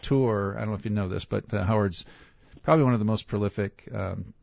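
A man in his sixties, a charity event organizer on a radio show, speaking haltingly with many fillers. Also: fairly low pitch, vocal fry, darkish tone, dry recording. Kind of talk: casual radio interview. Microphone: studio microphone. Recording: slightly muffled dry studio sound.

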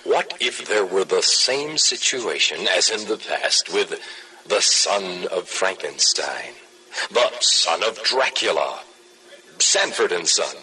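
A man narrating a dramatic promo in an ominous, drawn-out way. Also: low-pitched, big pitch swings, pushed and bright, breathy edge, poor audio. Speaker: announcer.

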